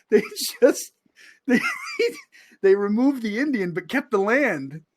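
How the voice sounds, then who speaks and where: A man co-hosting a casual comedy podcast, rambling through animated banter and laughing often. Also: high-pitched, slow pace, background noise. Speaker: podcast co-host.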